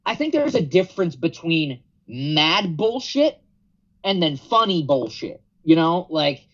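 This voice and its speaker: A man chatting casually on a wrestling podcast, excitable, swearing freely and laughing often. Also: fairly high pitch, measured pace, lo-fi sound. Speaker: podcast co-host. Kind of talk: casual wrestling review chat.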